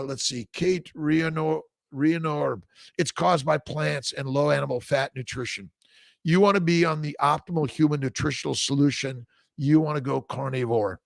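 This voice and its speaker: Gravelly, excitable doctor on a live stream. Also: male voice, a little high, no room sound. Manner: excitable, repetitive, salty language, frequent "right?". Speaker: fertility doctor hosting a live chat. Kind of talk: casual live-stream chat answering viewer questions.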